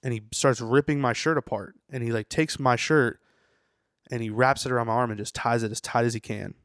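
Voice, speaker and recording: A man's voice: mid-range voice, fairly even intonation, fairly quick, dry recording, clean studio sound. A young man, a tattooer, telling a story in a rambling, profane way full of "you know" on a podcast. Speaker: tattooer guest. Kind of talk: casual storytelling interview.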